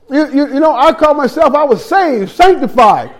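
High-voiced man preaching his testimony. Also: lively intonation, normal speed, hardly any pauses. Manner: storytelling with street slang and scripture; repeats words and restarts. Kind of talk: sermon testimony.

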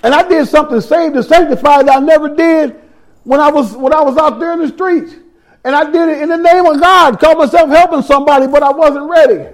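A man's voice: very high-pitched, a little fast. A man preaching a sermon, telling his own testimony with street slang, scripture and repeated words.

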